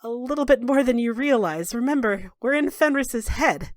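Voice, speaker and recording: A woman doing a caring female companion, soft, hesitant, reassuring, dry sound. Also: on the high side, expressive, moderate pace, no room sound, voice pushed up, natural voice. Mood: gentle. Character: gentle young woman spirit companion, caring.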